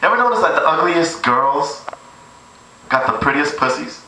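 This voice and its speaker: A man's voice: on the high side, expressive, normal speed, bright, forceful tone, slight background noise. A young man rehearsing crude stand-up jokes at home, rambling and laughing at his own material. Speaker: amateur stand-up comic. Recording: echoey room, far from camera mic.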